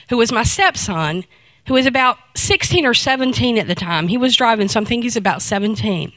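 A middle-aged woman shares a personal faith testimony with a fairly high voice. She tells it as an animated story and acts out the voices of the people in it. The recording is close and dry. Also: brisk, no room sound. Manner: animated storytelling, acting out quoted dialogue. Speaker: speaker giving a testimony.

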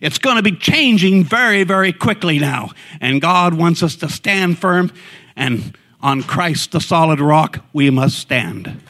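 A man sharing a fervent church testimony, his voice quiet and low at first, then rising to excited outbursts. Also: a little slow.

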